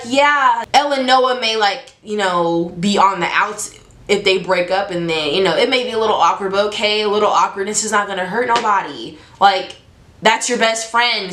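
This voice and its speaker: A woman's voice: mid-range voice, fairly bright tone, reverberant. A woman talking casually to her viewers, chatty and opinionated, laughing often and getting heated. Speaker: video host. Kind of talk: casual commentary on a romance trope.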